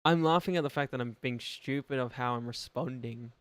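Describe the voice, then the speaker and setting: A young man streams a game live, reading viewer comments in a rambling, self-mocking chat full of laughter, and voicing both sides of imagined conversations. He speaks at medium pitch, a little fast, and the recording is dry.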